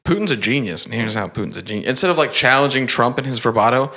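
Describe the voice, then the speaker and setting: A man's voice: mid-range voice, animated, quick pace, sharp tone. A man co-hosting a podcast in casual, rambling chat, swearing often and using many fillers. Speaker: podcast co-host.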